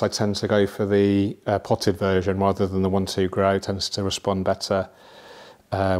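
A man casually explaining how he plants an aquarium, chatty and relaxed, with frequent fillers and asides. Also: sits low. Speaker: aquascaping presenter.

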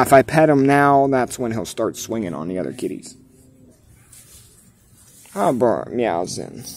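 A man's voice: mid-range voice, vocal fry, a little mellow, a little hiss or hum. Laid-back man chatting to his cats. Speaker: cat owner filming his outdoor cats. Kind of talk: casual vlog narration. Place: outdoors at home.

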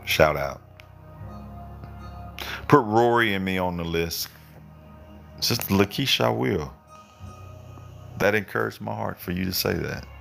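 A man's voice: lively intonation, unhurried, vocal fry, long pauses, fairly bright tone, soft background music. A man from Oklahoma leading a fervent live prayer, repeating phrases and answering viewers' requests. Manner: fervent, repeats phrases, rises in pitch when pleading. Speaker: prayer leader.

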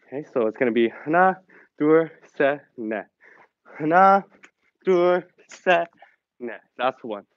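A man coaching an online exercise class, a little out of breath as he cheers students on and counts reps, switching between English and Korean. His voice sits at a middle pitch. The recording is dry and dull, like a lo-fi video call. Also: very fast, no echo. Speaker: fitness instructor.

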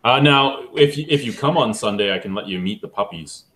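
Lively man telling bar stories. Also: on the low side, a little fast, a little hiss or hum. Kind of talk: casual chat.

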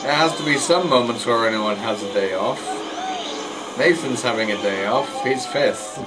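A gameplay commentator races online at normal speed and medium pitch, joking about his own mistakes and stumbling over words. Game music plays beneath this casual let's play, and the audio is poor.

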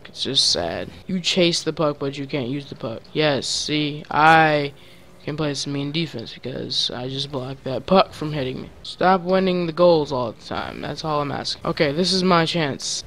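A man giving excitable gaming commentary, trash-talking his teammates with sudden loud yelps. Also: a little high, measured pace. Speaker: gaming channel host.

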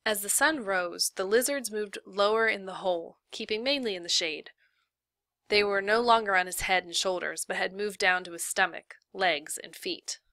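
A woman reading a novel aloud in steady, measured narration. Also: medium pitch, dry recording. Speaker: reader.

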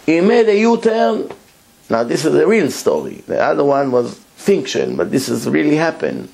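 A man's voice: a little high, sing-song, normal speed, gravelly, darkish tone, a little hiss or hum. A man, a rabbi giving a Torah lecture, telling a story emphatically and repeating words for effect.

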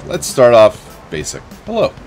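A man's voice: fairly low pitch, expressive, a little slow, faint music behind. A young man giving casual, sarcastic gameplay commentary as a let's play host, swearing freely and joking at the game.

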